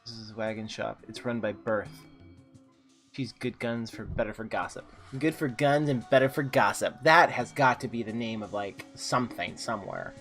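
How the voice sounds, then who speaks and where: A man's voice: lowish voice, moderate pace, fairly bright tone. A man hosting a gameplay video, chatting casually and cracking jokes while reading game text aloud. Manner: chatty, jokey asides, reads game dialogue aloud. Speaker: gaming channel host. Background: faint game music.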